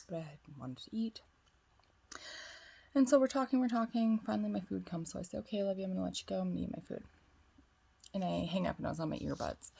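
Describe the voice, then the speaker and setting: A woman's voice: fairly low pitch, vocal fry. A young woman vlogger telling a long personal story in a chatty way, swearing freely and acting out the dialogue. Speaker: spiritual vlogger. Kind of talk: casual storytelling.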